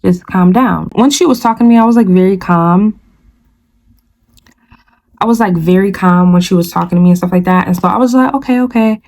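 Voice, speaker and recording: A woman's voice: fairly low pitch, brisk, pauses often. A young woman vlogger telling a story in casual, slangy speech, talking straight to her viewers. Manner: animated and slangy, addresses viewers as "you guys" and "y'all".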